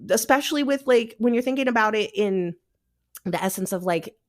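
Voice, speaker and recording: Animated, foul-mouthed woman chatting. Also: fairly high pitch, brisk. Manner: animated, swears freely, acts out quotes. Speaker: paranormal investigator guest. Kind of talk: casual podcast chat.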